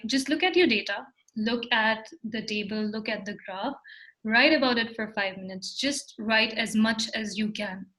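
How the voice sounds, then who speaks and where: Woman, online workshop instructor, fairly high voice, step-by-step explaining, video call. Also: sharp tone, low-quality recording.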